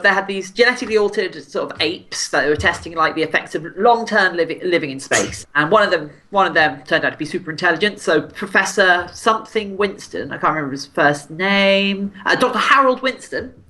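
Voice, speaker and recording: A man's voice: high voice, expressive, fairly quick, pushed and bright. A man co-hosting a casual gaming podcast, telling stories with enthusiasm. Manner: enthusiastic, storytelling. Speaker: podcast co-host. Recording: faint background noise.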